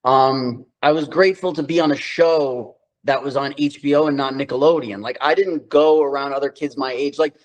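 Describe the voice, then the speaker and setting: A man's voice: mid-range voice, steady tone, moderate pace, hardly any pauses, muffled recording. A man in his thirties from New York, telling loose, slangy stories as an interview guest, with lots of filler words. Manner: loose, slangy storytelling full of "like". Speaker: guest, actor. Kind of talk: casual interview chat.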